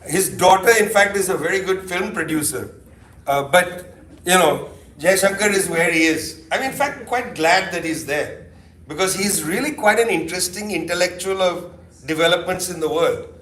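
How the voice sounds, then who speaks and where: Speaking at a normal speed in a high-pitched voice, a middle-aged man delivers a keynote as a casual lecture. He's animated and sardonic, full of asides, and the distant mic catches the hall's echo.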